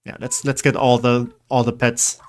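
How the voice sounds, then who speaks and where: Male game streamer, mid-pitched, casual and rambling, coaxes pets, easygoing chat. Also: completely flat delivery, normal speed. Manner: chatty, rambling, coaxing pets. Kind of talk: casual gameplay commentary.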